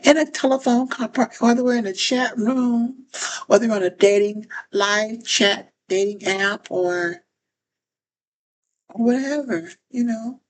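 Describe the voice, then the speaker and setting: Woman, slightly high voice, slow unhurried delivery, casual vlog advice, repeats phrases, restarts sentences. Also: poor audio. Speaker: phone chat operator. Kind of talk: casual talk-to-camera advice.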